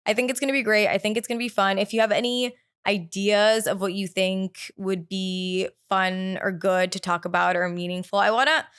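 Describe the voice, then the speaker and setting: A woman's voice: medium pitch, steady tone, moderate pace, a bit bright, clean tone. A woman hosting her own podcast, talking in a casual, candid way, swearing freely and filling her sentences with "like". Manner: chatty and candid, swears freely, many "like" fillers. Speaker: podcast host. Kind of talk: casual solo podcast chat.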